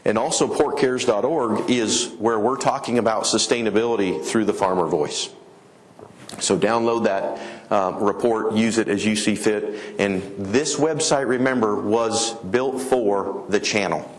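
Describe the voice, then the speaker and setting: Conference speaker: middle-aged man from colorado, lively storyteller, talks to the crowd on a stage mic. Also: a little slow. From Colorado, USA. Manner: animated storyteller, acts out quoted customers with raised pitch. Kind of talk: energetic conference talk. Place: conference hall.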